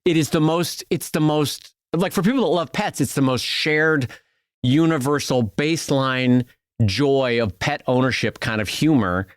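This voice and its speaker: A man co-hosting a podcast, chatting casually in a playful, animated way. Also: on the high side, moderate pace, smooth, no echo, clean studio sound. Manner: animated, playful, jokes around. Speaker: podcast co-host. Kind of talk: casual chat.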